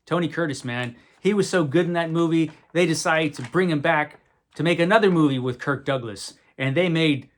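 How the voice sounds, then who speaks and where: Speaking at a normal speed in a slightly high voice, a man hosts a casual, unscripted video reviewing movies he likes, rambling through wry asides and often correcting himself.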